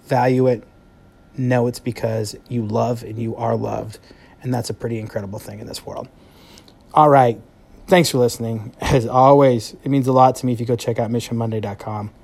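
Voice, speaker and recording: A man's voice: mid-range voice, fairly even intonation, gravelly, a little mellow. Earnest man musing on his podcast. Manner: earnest, heartfelt, conversational with pauses. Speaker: podcast host and speaker. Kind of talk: reflective solo podcast monologue.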